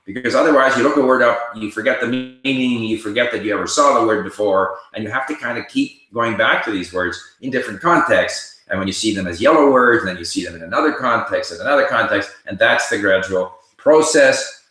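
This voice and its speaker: Bright-voiced man in an echoey room. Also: fairly low pitch, a little fast, hardly any pauses. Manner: reads viewer questions aloud and answers conversationally. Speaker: livestream host answering viewer questions. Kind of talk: casual livestream Q&A.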